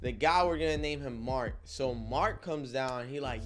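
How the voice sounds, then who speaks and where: A young man telling a story in a casual vlog, animated and full of slang, often turning to his listeners to check they are with him. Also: medium pitch, measured pace, a crowd in the background.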